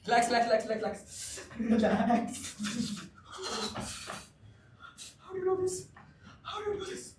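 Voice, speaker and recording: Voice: mid-range voice, big pitch swings, unhurried, pauses often, darkish tone, slight background noise. A performer playing a jittery person terrified of rats in a live improv comedy scene, repeating words nervously. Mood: panicky. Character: panicky person scared of rats. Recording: echoey room from far off.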